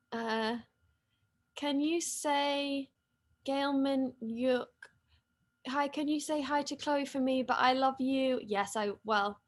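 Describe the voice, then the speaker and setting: A woman casually chatting with fans on a livestream from her home, excitable and reading comments aloud. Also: fairly high pitch. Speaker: actress hosting a fan livestream. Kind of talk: casual live-stream chat reading comments. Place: living room at home.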